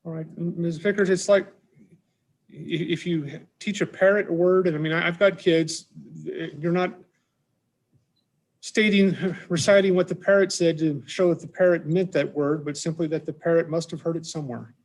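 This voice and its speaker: A man's voice: on the high side, steady tone, normal speed. A man presiding as judge in court, folksy as he explains rulings. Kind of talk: presiding over a hearing.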